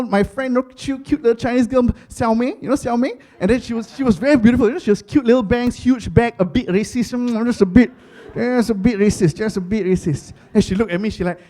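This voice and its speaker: On a comedy stage before a live audience, a man in his thirties with a Singaporean English accent does chatty stand-up full of fillers and repeated phrases. His voice sits high and is a little mellow.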